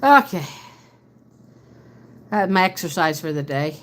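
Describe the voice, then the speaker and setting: A woman's voice: on the low side, sing-song, unhurried. A woman chatting casually on a live stream from her home, muttering to herself as she searches a map, talking into a handheld phone. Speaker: livestreamer. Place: at home, indoors.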